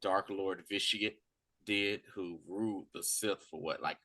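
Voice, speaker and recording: Guy cohosting a review show, bright low voice, dry close mic, chatty. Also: steady tone, dry recording. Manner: chatty, lore-focused, quick to laugh. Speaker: podcast co-host. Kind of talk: casual review chat.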